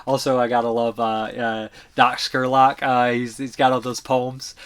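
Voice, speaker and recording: A man's voice: mid-range voice, level tone, normal speed, clean tone. A man hosting a casual movie review show, rambling enthusiastically, swearing freely and trailing off as he searches for words. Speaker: movie reviewer and channel host.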